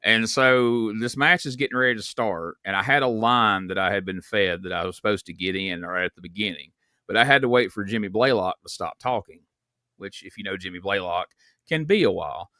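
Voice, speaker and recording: A podcast host, chatting casually and telling stories with laughs. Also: male voice, on the low side, a little fast, bright, forceful tone, no echo, clean studio sound. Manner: storytelling, laughs, swears casually. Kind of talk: casual chat.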